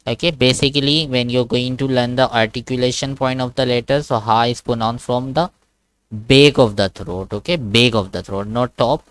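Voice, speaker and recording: Over a video call, a male Quran teacher works one-on-one with a student, patiently repeating, modeling sounds, and often checking "okay?" He speaks at normal speed in a medium-pitched, smooth, slightly bright voice with fairly even intonation and no echo.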